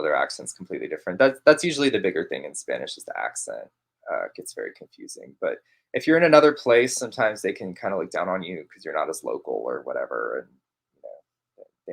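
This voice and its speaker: Low-voiced texan dude, pitch swings around a lot, thinking out loud as a guest. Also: male voice, sing-song, fast talker, gravelly, breathy edge. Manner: thoughtful, rambling with fillers. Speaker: podcast guest. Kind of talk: casual chat.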